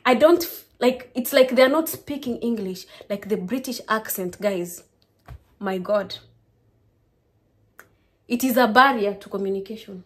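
A young Kenyan woman with a Kenyan accent, chatting to her viewers in a lively, casual vlog. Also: medium pitch, unhurried, long pauses. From Kenya, Kisii. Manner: lively, keeps addressing viewers as guys. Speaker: vlogger.

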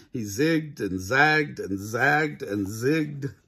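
An older man, a grandfather, reading a children's picture book aloud with gentle asides. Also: medium pitch, expressive, extremely slow, pauses often, a little hiss or hum. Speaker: storybook reader.

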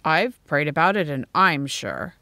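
A woman's voice: measured pace, dry recording, heavily acted. A woman voicing an eager, earnest young man in an audiobook. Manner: steady, low-pitched storybook dialogue.

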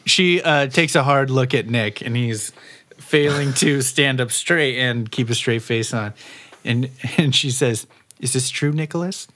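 Man, dungeon master, chatty narration, mid pitch. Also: unhurried, bright, forceful tone. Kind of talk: narrating a tabletop game.

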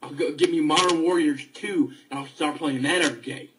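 A man angrily ranting about a video game, stammering and repeating himself as he swings between outbursts and low muttering. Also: a little fast, very noisy. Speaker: video gamer. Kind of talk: angry ranting vlog.

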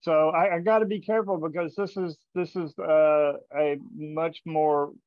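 Give me an enthusiastic man hosting a casual chat over a dull video call, mid-pitched, stumbling and repeating words. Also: steady tone, normal speed, no room sound. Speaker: podcast host tasting bourbon. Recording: dull, lo-fi sound.

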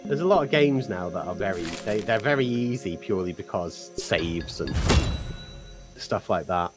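A man's voice: low-pitched, animated, normal speed, music in the background. Chatty English man gaming. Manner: rambling, self-interrupting, laughs often. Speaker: let's play host. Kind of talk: casual gameplay chat.

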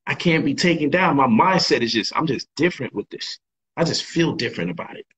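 A man's voice: fairly high pitch, lively intonation, a little fast, fairly bright tone, a little hiss or hum, poor audio. A man hosting a casual livestream monologue, emphatic and repetitive in his talk, full of slang. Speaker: livestream host and author.

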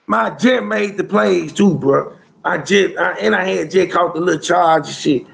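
Gravelly dude with a high voice, rambling street story, keeps saying bro. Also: male voice, normal speed. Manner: rambling, slangy, repeats "you hear me" and "bro". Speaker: storyteller guest.

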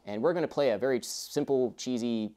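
A man's voice: mid-range voice, a little fast, mellow. A young man teaching a music lesson in a casual, chatty way, with rambling asides.

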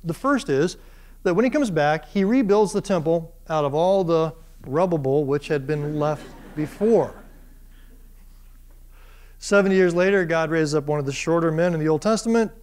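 A jokey, fairly high-voiced male lecturer. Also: moderate pace, smooth. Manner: jokey and lively, with corny humor and playful quoted voices. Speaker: university Bible lecturer. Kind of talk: classroom lecture with audience participation.

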